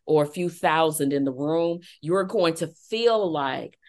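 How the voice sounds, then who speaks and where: Low-voiced woman podcast host. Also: expressive. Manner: measured, explanatory delivery. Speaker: podcast host and speaking expert. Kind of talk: conversational podcast interview.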